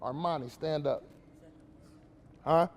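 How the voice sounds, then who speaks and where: A man's voice: a little high, takes it slowly, big-room sound, slight background noise. A man giving a casual, slangy motivational talk to young players at a basketball camp, questioning the kids as he goes.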